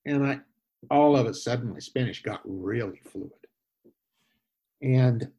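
A husky man recounts a story as an interview guest. He talks animatedly, jumping into quoted voices and often restarting his sentences. His pitch sits in an ordinary middle range. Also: a little slow, long pauses, mellow. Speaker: guest, former missionary. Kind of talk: conversational storytelling.

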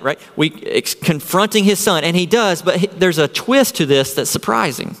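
A male pastor delivers a sermon in an earnest, questioning manner. His voice sits a little high for a man. Long reverb from a big hall trails behind each phrase. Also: animated, moderate pace, few pauses, a bit bright. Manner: earnest preaching with rhetorical questions.

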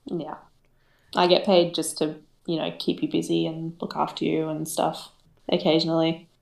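A woman's voice: sits low, completely flat delivery, moderate pace, vocal fry, a little mellow. A woman co-hosting a podcast, chatting casually and teasing with frequent laughter. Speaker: podcast co-host. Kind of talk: casual chat. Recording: echoey room.

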